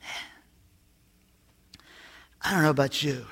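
A man preaching a sermon in a folksy way, telling jokes and moving from soft, confiding lines to loud, emphatic ones. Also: medium pitch, slow pace, slightly rough. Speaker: pastor.

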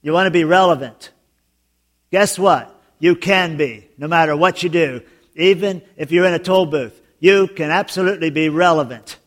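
A man preaching a sermon as pastor, telling jokes and stories in an animated way. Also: fairly high pitch, normal speed. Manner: joking, animated storytelling with laughs.

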